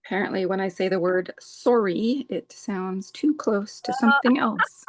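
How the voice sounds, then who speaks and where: A woman in her forties co-hosting a live crafting stream, talking in a halting way with many fillers. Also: medium pitch, no echo. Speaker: co-host of a live scrapbooking stream. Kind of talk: casual chat.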